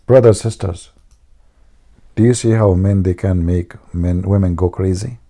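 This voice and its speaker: A man's voice: low voice, fairly even intonation, a little slow, warm tone. A man from the Middle East, a native Arabic speaker, hosting a casual livestream in a joking, mocking storytelling manner. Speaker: livestream host.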